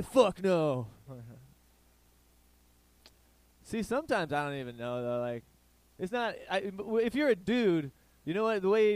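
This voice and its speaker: A male comedian with a somewhat high voice rambles through crude jokes and throws questions out to the audience. The sound is dry and close, with no room in it. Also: clear, resonant tone, dry recording. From Ireland. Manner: crude, rambling, jokey, asks the crowd questions. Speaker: comedy show host. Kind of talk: stand-up comedy banter with a live audience.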